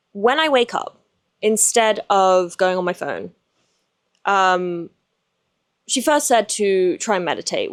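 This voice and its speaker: A woman hosts a candid personal podcast, speaking in a middle-pitched voice that sounds close and dry. Her talk is frank and loose, with easy swearing and frequent likes and restarts. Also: dry recording. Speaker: podcast host.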